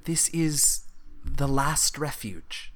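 A woman's voice: a bass voice, expressive, very slow, pitched above the performer's own voice, full character voice. A woman voicing a small, polite male kobold who rambles in broken, stammering speech. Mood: curious.

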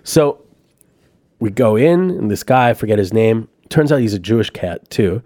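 A young adult man, a podcast guest, telling a story in casual chat, animated, swearing freely and laughing between lines. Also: lowish voice, normal speed, no echo, clean studio sound. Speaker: podcast guest, business founder.

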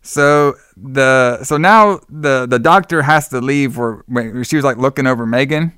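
A man's voice: medium pitch, a little slow, fairly bright tone, clear, resonant tone, no room sound, studio quality. A man casually recapping a horror movie as podcast co-host, rambling, swearing and laughing often.

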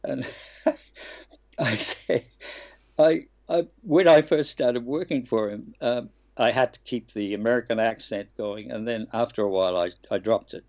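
An older man from Australia, a voice actor telling lively stories in an interview and laughing now and then. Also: mid-range voice, a little slow. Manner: lively storyteller, laughs and acts out quotes. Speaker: guest voice actor. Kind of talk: anecdotal interview chat. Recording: dull lo-fi remote line.

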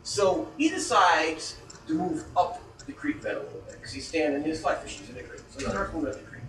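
A man's voice: on the high side, big pitch swings, fairly quick, a bit bright. A man telling a story in a casual, profane way, acting out scared reactions as he goes. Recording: echoey room heard from a distance.

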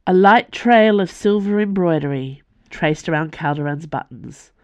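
A woman, the author, reading her own fantasy novel aloud for a podcast in a measured storytelling voice. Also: fairly low pitch, lively intonation, a little mellow, no echo, highs cut off. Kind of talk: audiobook fantasy narration.

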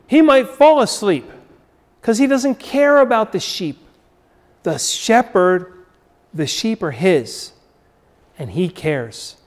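A man delivers a sermon at a slow, emphatic pace, circling back to key phrases and giving dramatic voice to the people he quotes. His pitch sits a little high.

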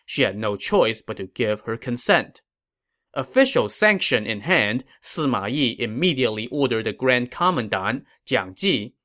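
A man's voice: medium pitch, a bit bright. A man hosting a history podcast, narrating from a script in a storytelling way with casual asides.

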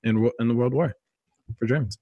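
A man's voice: mid-range voice, fairly quick, no room sound, narrow, tinny audio. A man co-hosting a podcast, reading out a dictionary entry and joking around. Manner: playful, jokey reading aloud. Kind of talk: casual podcast banter.

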